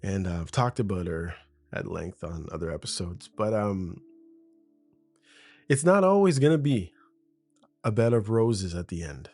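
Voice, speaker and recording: A man's voice: deep voice, animated, a little slow, pauses often, darkish tone, no room sound, soft background music. A man hosting his own podcast, riffing off script in a casual, rambling monologue as if talking to a best friend, at a foam-shielded mic in a room by a window. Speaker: podcast host. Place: home room in front of a window. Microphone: studio mic with a foam shield.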